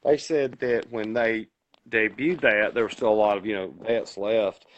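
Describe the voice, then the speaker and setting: A man's voice: fairly low pitch, fairly even intonation, moderate pace, muffled recording. A man co-hosting a casual podcast, telling long rambling stories with colloquial grammar. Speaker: podcast co-host. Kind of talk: casual chat.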